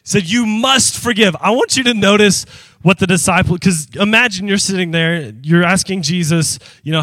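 A man preaching in church with a high, bright, ringing voice. He preaches with animated call-and-response, pressing each point and rising into shouts. The sound is close and dry, with little room around it. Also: normal speed, dry recording. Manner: emphatic, breaks into shouting. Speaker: pastor. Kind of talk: sermon. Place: church sanctuary with congregation.

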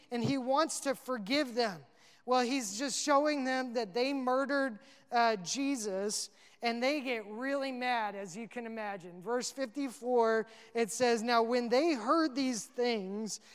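A man's voice: very high voice, fairly bright tone, clear, resonant tone. A male pastor preaching a sermon, earnest and rising to emphatic peaks. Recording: long reverb of a hall.

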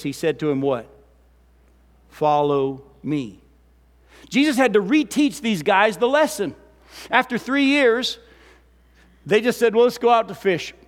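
High-voiced preaching man in an echoing hall. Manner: animated preaching, asks the congregation questions. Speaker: pastor. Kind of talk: sermon. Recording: long reverb of a church hall.

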